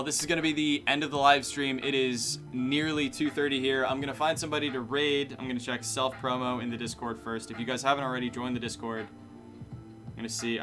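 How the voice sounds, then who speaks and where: A male live streamer and bartender, chatting casually in a matter-of-fact way, his sentences ending on a downbeat. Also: medium pitch. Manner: matter-of-fact, falling inflections; rambling, self-correcting. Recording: music playing behind.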